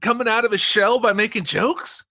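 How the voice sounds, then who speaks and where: A man's voice: high voice, normal speed. A man guesting on a podcast, chatting casually and riffing with jokes while recapping a TV episode. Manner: jokey, riffs with mock quotes and deadpan asides.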